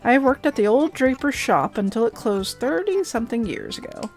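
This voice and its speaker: A woman reading the lines of an elderly woman tailor with aching hands, in her own plain voice, calm and reminiscing. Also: a little high, moderate pace, soft background music. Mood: wistful.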